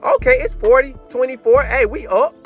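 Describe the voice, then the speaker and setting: A young man giving loud, animated trash-talk commentary over his basketball video game to his chat, sometimes slipping into a sing-song. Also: very high voice, moderate pace, faint music behind. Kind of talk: hyped gameplay commentary.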